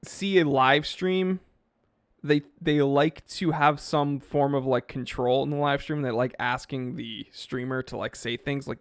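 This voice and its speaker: A man's voice: mid-range voice, fairly even intonation, measured pace, dry recording, clean studio sound. A man hosting a live stream, casually reading viewer comments aloud and rambling offhand about them. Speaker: watch channel host reading live chat.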